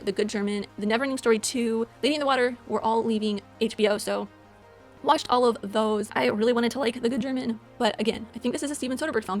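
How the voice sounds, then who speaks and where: A woman hosting a movie channel, chatting casually through a monthly recap of what she watched, rambling and correcting herself as she goes. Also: a little high. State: out of breath. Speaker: movie channel host and podcaster. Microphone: voice-over, no camera.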